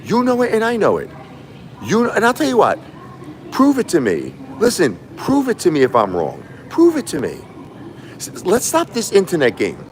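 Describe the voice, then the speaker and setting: A man livestreaming a combative, boastful rant, taunting his critics and repeating himself. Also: medium pitch. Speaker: livestreaming YouTuber. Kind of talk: ranting livestream monologue.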